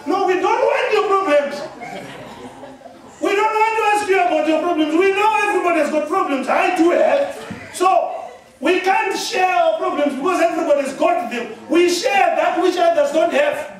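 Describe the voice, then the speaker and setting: A man from Zimbabwe preaching a sermon in a church hall, emphatic and often shouting, laughing and checking in with his listeners as he goes. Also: very high-pitched, moderate pace. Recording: very echoey hall, voice from a distance.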